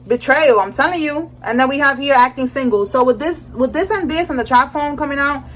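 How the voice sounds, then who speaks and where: A young woman with a high voice talks through a tarot reading in a loose, slangy way. She keeps checking in with "all right?" and laughs often as she goes. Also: fairly bright tone, slight background noise, low-quality recording. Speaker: tarot reader. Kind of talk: casual tarot reading monologue.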